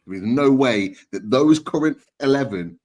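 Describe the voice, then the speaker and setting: A man's voice: medium pitch, expressive, moderate pace, darkish tone. A man on a fan panel, ranting bluntly and heatedly about his team's players. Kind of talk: heated football fan chat.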